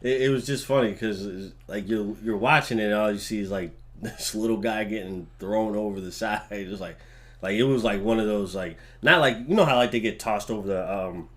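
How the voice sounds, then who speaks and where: Low-voiced laid-back co-host. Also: male voice, fairly quick. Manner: laid-back, hesitant, filler-heavy. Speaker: wrestling review co-host. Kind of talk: casual chat.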